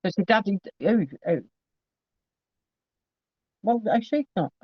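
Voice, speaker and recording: A man gives a psychic reading in a fairly high, chatty voice. He often trips and restarts mid-phrase as he relays messages. The recording is dry and slightly muffled. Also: expressive, measured pace, dry recording. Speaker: psychic medium. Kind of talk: live spirit reading to a sitter.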